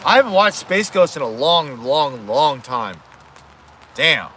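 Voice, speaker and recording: Casual male streamer, rambling and profane, bright tone, faint outdoor hiss. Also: a little high, very animated, slow pace. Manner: rambling, self-correcting, swears. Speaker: livestreamer. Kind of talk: casual livestream chat. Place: outdoors at home.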